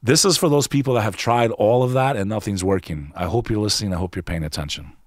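Speaking fast in a lowish register, a male podcast guest tells a candid story from his own life. He's emphatic and sincere yet relaxed, often calling the listener "bro," and the studio-quality audio has no echo.

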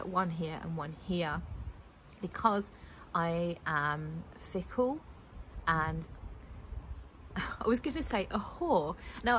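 A woman's voice: lowish voice, slight background noise, poor audio. A woman, chatting casually and enthusiastically as a fragrance vlogger, rambling a little as she goes. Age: 40s. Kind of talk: casual chat.

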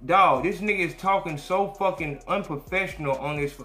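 A man hosting a podcast tells stories in loose, profane, animated talk. His voice sits high and sounds bright and forceful. It echoes around the room over faint music. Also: moderate pace. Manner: profane, animated, acts out quotes. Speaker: podcast host. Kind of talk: casual storytelling chat.

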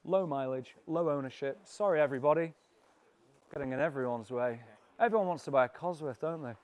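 A man's voice: fairly high pitch, fairly quick, darkish tone. A British man presenting a walkaround of a classic car auction, enthusiastic, cheeky and full of jokes. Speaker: car vlogger.

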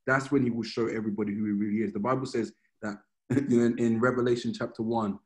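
Man preaching in a relaxed, chatty way. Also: mid-range voice, fast, low-quality recording. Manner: informal, storytelling, often restarts phrases. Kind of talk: conversational sermon.

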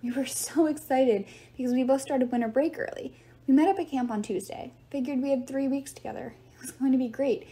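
A weary teenage girl , voiced by a woman reading a book aloud, explaining things patiently in a subdued, tired tone. The voice sits a little high and sounds soft and mellow. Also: fairly even intonation, brisk, close to an everyday voice. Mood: sad. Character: weary, worried teen girl, calm and explaining. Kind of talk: audiobook reading.

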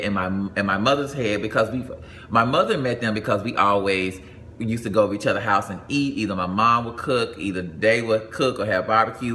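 A young adult man from Atlanta telling a personal story in a casual, animated way, jumping into high voices for the people he quotes. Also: a little hiss or hum.

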